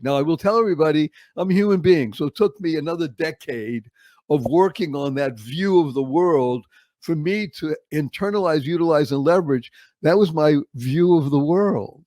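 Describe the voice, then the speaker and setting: Man in his 70s, from Boston, interview guest, expressive storyteller, slightly high pitch. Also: no room sound. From Boston, United States. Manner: expressive, with dramatic slow-downs and acted-out quotes.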